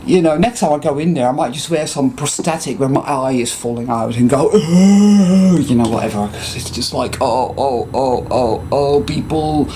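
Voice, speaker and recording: A man with an English accent, ranting in a casual vlog monologue and telling profane, animated stories. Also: medium pitch, moderate pace, few pauses, slight background noise. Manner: mimics other people's voices. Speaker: vlogger.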